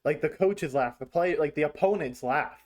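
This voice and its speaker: A man's voice: fairly high pitch, normal speed. A man hosting a reaction video, talking in a loose, slangy, chatty way. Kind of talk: casual reaction commentary.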